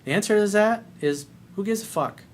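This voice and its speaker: A man's voice: high-pitched, fairly quick, slight background noise. A man giving dating advice in a video coaching monologue, blunt and emphatic, swearing freely.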